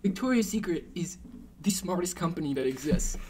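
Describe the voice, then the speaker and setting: A man's voice: a little high, lively intonation, fairly quick, a little mellow, slight background noise, lightly acted. A man improvising a manic, pushy male salesman in a comedy sketch.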